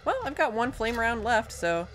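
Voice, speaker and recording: A woman casually commenting on her own gameplay, chatty and self-deprecating, thinking out loud as she plays. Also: on the high side, lively intonation, normal speed, slight background noise. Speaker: let's play host.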